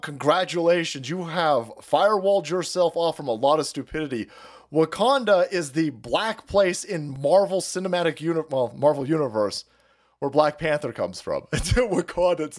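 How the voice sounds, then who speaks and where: Swearing, sarcastic male stream ranter. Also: a little high. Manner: sarcastic, swears constantly, laughs mid-sentence. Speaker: livestream host. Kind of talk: profane ranting commentary.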